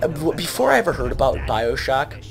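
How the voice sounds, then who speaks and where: A man's voice: medium pitch, sing-song, a little fast, creaky, noisy background. A young man giving a rambling, joking let's play commentary from home at night. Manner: rambling, joking, self-mocking. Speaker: gamer. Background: game music.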